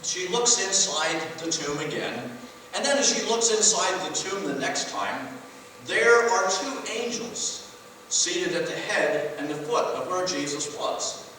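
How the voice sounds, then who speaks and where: A man's voice: high voice, lively intonation, a little slow, pushed and bright, slight background noise. A man preaching a sermon as pastor, conversational, and his voice rises for emphasis. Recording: echoey church hall from far off.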